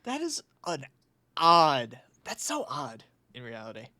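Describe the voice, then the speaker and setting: Young guy, loose animated chatter, lots of laughs and swearing, varied pitch. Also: takes it slowly, no echo. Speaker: podcast co-host. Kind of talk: casual chat.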